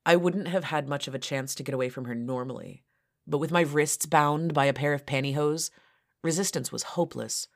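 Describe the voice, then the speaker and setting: Woman, low voice, author narration, first-person story, steady reading. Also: brisk, creaky.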